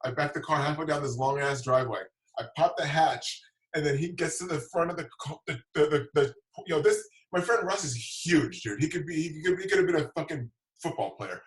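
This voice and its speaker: A man's voice: a little high, brisk, reverberant, recorded from a distance, poor audio. A man telling a long, rambling story in casual chat, swearing freely and repeating himself as he goes. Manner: rambling, profane, repeats words.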